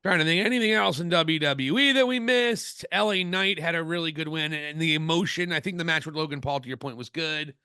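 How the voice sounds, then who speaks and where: Male podcast co-host, rambling and opinionated; bright tone, dry recording. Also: fairly high pitch, brisk, hardly any pauses, clear, resonant tone, no echo. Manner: opinionated, rambling, frequent restarts. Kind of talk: casual wrestling podcast chat.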